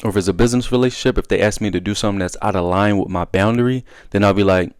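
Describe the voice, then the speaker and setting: A young man speaking in a casual, animated way, giving advice and acting out bits of dialogue. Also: on the low side, racing, hardly any pauses, clean tone, no echo. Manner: animated, conversational, acts out dialogue. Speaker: self-help video host.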